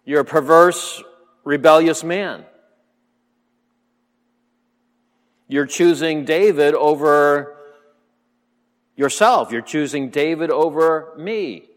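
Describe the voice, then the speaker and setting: A man's voice: on the high side, slow, pitched above the performer's own voice. Man voicing a raging older king, raised and harsh, scolding his son; hall reverb. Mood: angry scolding. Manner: scolding, repeats insults with rising force.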